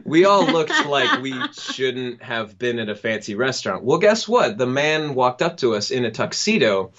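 A young man telling a funny personal story on a podcast, acting out the people in it and laughing now and then. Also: medium pitch. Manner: animated, acts out the people in his story with quick laughs. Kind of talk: casual storytelling. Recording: dull lo-fi sound.

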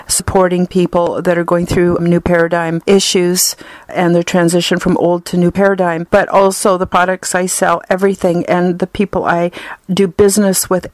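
A woman's voice: fairly low pitch, darkish tone, no echo. A woman from Canada, giving an earnest, effusive personal testimonial.

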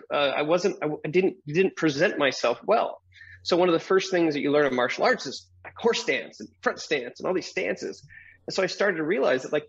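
A middle-aged man, a guest on an interview show, telling a personal story in a lively way, acting out the voices of people in it and laughing often. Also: a little high, breathy edge, highs cut off.

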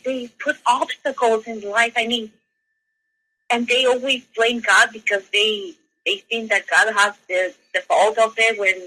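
High bright woman talking on a radio show, halting and full of restarts, laughs a lot. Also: low-quality recording. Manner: halting, many restarts and fillers, laughs often. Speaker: interview guest. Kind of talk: casual spoken storytelling.

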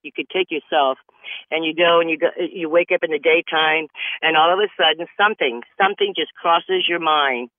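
A man riffs through a loose, rambling comedy monologue, his voice sitting a bit higher than most. The sound is tinny and thin like a phone line, with a bone-dry, close feel. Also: moderate pace, no echo. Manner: rambling and loose, jumps between bits and acted-out voices.

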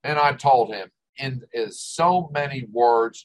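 A man's voice: medium pitch, slow pace, low-quality recording. An older man hosting a talk show, ranting with exasperation and sarcasm. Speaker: host. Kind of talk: ranting commentary.

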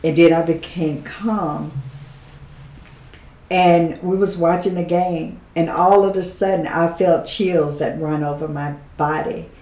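A woman, a guest on an interview show, giving a heartfelt personal testimony as an animated storyteller who laughs often and drops to a hush when quoting others. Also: lowish voice, slow, roomy sound.

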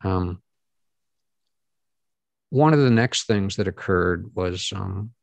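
A middle-aged man speaks in a gravelly, fairly low voice, recorded close and dry. He tells his story earnestly to an audience, stopping and restarting as he goes. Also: dry recording. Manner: earnest, halting, with many fillers and restarts. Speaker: guest speaker.

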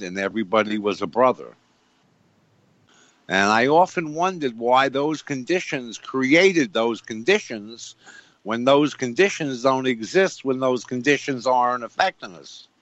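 A man with a mid-range, fairly bright voice preaches about faith on a radio show, speaking emphatically, repeating himself, and posing rhetorical questions. The recording is dry yet has a dull, lo-fi radio quality.

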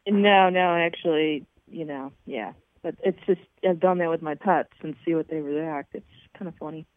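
A woman's voice: low voice, normal speed, no room sound. A woman interviewer talks in a chatty, frank way, asking her questions casually. Her voice sounds tinny and dry, as if it came through a phone. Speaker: radio interviewer.

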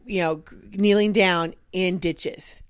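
A woman co-hosting a drive-time radio show, telling funny stories in animated, casual chat and breaking into voices. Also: lowish voice, slow pace, clear, resonant tone, no echo. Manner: animated storyteller, jumps into character voices.

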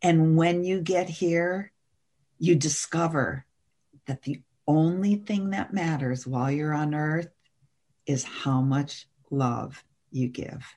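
Woman voicing a being of light, soft, slow, lowish, gentle storytelling. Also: close to an everyday voice. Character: calm, loving genderless being of light.

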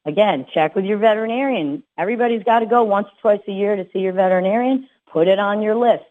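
A woman's voice: mid-range voice, fast. A woman dog trainer giving casual advice, chatty and full of fillers and restarts. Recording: tinny phone-like sound.

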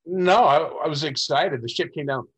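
A man's voice: a little high, normal speed, a bit bright, breathy edge, low-quality recording. Male interview guest, rambling storyteller who acts out quoted dialogue. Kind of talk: recounting personal experiences.

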